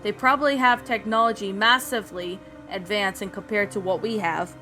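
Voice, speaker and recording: A woman's voice: mid-range voice, steady tone, bright, forceful tone, faint music behind, close to an everyday voice. A woman voicing a confident teenage girl agent with a put-on thick British accent. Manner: brisk, reassuring.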